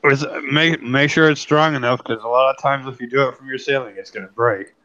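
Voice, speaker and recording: A man's voice: mid-range voice, a little fast, pushed and bright, lo-fi sound. A man chatting with friends and making dry jokes on a live stream. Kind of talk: casual group chat.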